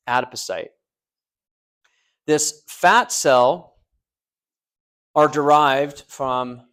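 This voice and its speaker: A man's voice: mid-range voice, a bit bright. A man lecturing a small university class, joking and quizzing students, with frequent restarts. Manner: joking, asks the class questions, repeats students' answers; frequent restarts and fillers, loose conversational delivery.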